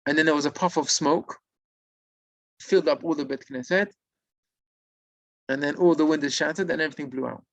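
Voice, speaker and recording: A man telling a religious story in sermon style, animated and acting out the figures. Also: fairly high pitch, brisk, long pauses, dry recording, rough recording. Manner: animated, acts out the figures, mixes in Hebrew terms.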